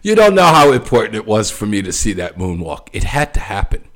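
A man hosting a talk show rants through opinionated political commentary, animated and laughing often, with plenty of loose fillers. His voice is fairly low and fairly quick.

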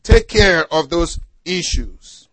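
A pastor with a fairly high, sing-song voice preaches slowly to his congregation, prompting them to fill in the words. He swings between loud exhortation and quiet asides, and the recording is dry.

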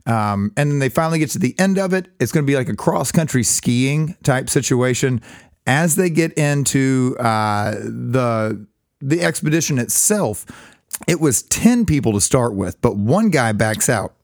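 A man's voice: mid-range voice, a little slow, no room sound, studio quality. Man telling a story, Southern US accent. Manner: storytelling, animated and jokey. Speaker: podcast co-host. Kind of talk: casual chat.

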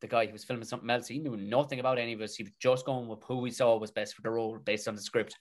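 A man's voice: mid-range voice, very fast. Swearing, rambling Irishman from Tipperary. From Tipperary, Ireland. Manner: swears freely, rambling with restarts, animated. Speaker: guest, comedic actor. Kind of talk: casual storytelling interview.

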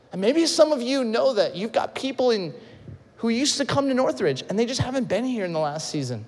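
Animated man preaching in an echoey hall. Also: very high-pitched, moderate pace. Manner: animated storytelling, acts out quotes, swings loud and soft. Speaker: pastor. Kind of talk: sermon with storytelling.

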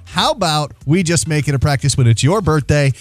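A man's voice: on the high side, lively intonation, a little fast, dry recording, faint music behind. A man co-hosting a morning radio show, bantering in a wry, playful way. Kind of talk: casual morning radio chat.

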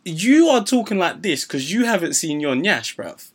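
A young man chatting casually as a podcast co-host, animated and full of slang and swearing. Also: sits high, moderate pace, husky. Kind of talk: casual chat.

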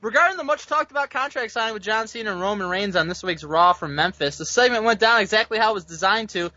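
A man's voice: high-pitched, animated, fast, pushed and bright, dry recording, dull audio. A man hosting a podcast, reading out news reports with teasing asides in casual chat.

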